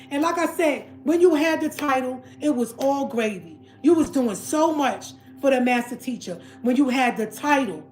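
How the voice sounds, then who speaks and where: A woman hosts a livestream and rants heatedly to her viewers, repeating herself and calling them family. Her voice sits a little high. It rings in a roomy space with faint music behind. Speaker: livestream host. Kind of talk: emotional livestream rant.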